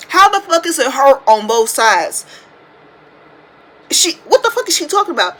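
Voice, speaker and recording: Animated young woman ranting on a podcast. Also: sits high, moderate pace, pauses often, low-quality recording. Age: 20s. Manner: animated, profane, ranting with slang. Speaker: podcast host. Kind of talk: casual reality TV commentary monologue. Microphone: phone.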